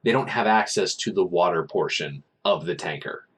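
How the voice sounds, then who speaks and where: A young adult man hosting a casual film podcast, recapping scenes in an animated way and quoting lines. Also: low voice, moderate pace, husky. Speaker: podcast host.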